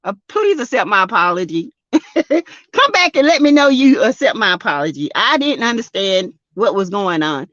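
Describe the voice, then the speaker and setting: A woman's voice: mid-range voice, very animated, normal speed, a bit bright, no room sound, lo-fi sound. A Southern US woman hosting a casual livestream, reading viewer comments aloud and laughing often. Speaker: livestream host reading chat. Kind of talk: casual live chat.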